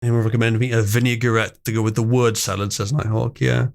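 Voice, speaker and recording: A man's voice: medium pitch, flat delivery, fairly quick, gravelly. A young man hosting a live stream, wryly reading memes and chat messages aloud with theatrical emphasis. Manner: wry, mock-outraged, reads memes aloud with theatrical emphasis. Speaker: livestream host.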